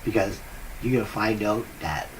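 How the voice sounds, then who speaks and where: This vlogger has a fairly low voice and talks at normal speed in an upbeat, giggly, rambling monologue to his viewers, laughing often. He's using a new cheap desk microphone that sounds distant, with some hiss or hum and poor overall audio.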